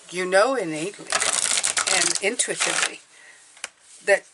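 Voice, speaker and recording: A woman's voice: medium pitch, normal speed, long pauses, very noisy. A woman reading tarot cards for her viewers, talking earnestly and encouragingly, often checking in with "okay?". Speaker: tarot reader.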